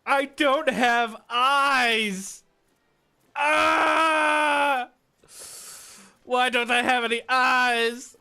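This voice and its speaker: A man's voice: very high voice, sharp tone, clean tone, full character voice. Man doing a melodramatic eyeless vain character. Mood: wailing. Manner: wailing, theatrical, self-admiring. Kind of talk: put-on character voice on a livestream.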